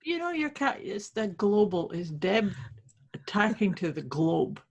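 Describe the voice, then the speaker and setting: A woman's voice: mid-range voice, very animated, a little slow, slight background noise. A woman with a Scottish accent co-hosting a podcast in easygoing casual chat. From Scotland. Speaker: podcast co-host.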